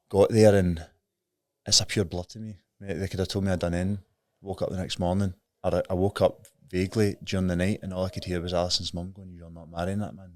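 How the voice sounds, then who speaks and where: Deep-voiced Scottish man, frank and earnest. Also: a little mellow, no echo. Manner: earnest, frank, plain-spoken storytelling. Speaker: podcast guest. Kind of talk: candid recovery story in conversation.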